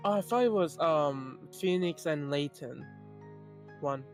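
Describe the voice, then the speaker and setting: A guest in casual chat, excitable and joking. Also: mid-range voice, a little slow, soft background music.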